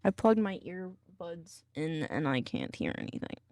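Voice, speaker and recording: A woman's voice: sits low, sing-song, a little slow, darkish tone, no room sound. A woman streamer in casual chat, cranky and rambling, swearing and muttering to herself.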